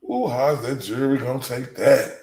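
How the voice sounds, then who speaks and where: A man's voice: medium pitch, moderate pace, a little mellow, poor audio. A man with a Texan accent, a live-stream commentator reading a transcript aloud with emotional reactions. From Dallas, Texas. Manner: emotional, exclaiming in disbelief.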